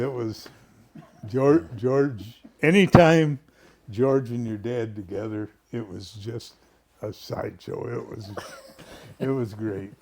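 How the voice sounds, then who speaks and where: An older man with a gravelly, creaky voice tells a story at an unhurried pace. He chuckles and clears his throat as he reminisces casually about old times. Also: medium pitch, darkish tone. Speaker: family friend.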